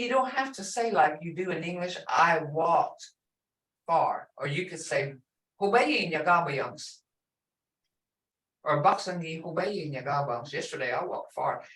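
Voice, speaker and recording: A woman language teacher explains slowly, going over each example word again and again. She sits some distance from her mic, so the voice sounds roomy and a little far off. She is patient and clear. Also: fairly low pitch, fairly bright tone. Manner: slow, patient explaining with repeated example words. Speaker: language instructor. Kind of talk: online language lesson.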